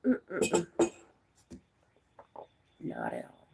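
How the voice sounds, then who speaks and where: A woman's voice: drawn-out words, warm tone. A woman in her forties from the United States, chatting casually on a live stream, rambling through stories and answering viewers' comments. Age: 40s.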